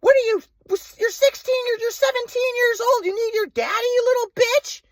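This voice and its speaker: A man mimicking his mother, putting on a shrill, scornful, cursing middle-aged woman who shrieks her accusations. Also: normal speed, no echo. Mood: contemptuous.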